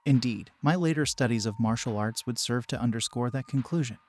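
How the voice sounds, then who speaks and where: A man calmly reading ghost stories aloud as a scripted narration. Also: medium pitch, a little fast. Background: faint background music.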